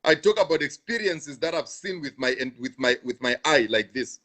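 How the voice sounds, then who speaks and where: A man's voice: fairly high pitch, expressive, moderate pace, sharp tone. A man preaching on a live stream who answers viewers, repeats his lines for emphasis and restarts often. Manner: repetitive, emphatic, stammering restarts.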